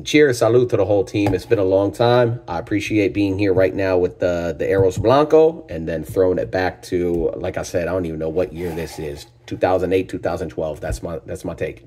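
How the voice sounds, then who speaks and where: A man's voice: low-pitched, lively intonation, moderate pace, hardly any pauses, darkish tone, slight background noise. A man hosting a casual tequila tasting review, talking enthusiastically and exclaiming over each aroma. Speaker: tequila reviewer, channel host.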